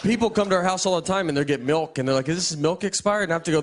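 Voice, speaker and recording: Deadpan man doing stand-up. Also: high-pitched, racing, hardly any pauses, noisy background. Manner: deadpan, meandering storytelling with frequent restarts. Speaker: stand-up comedian. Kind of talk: stand-up comedy set. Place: live comedy stage before an audience. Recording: live set with audience laughter. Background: crowd laughter.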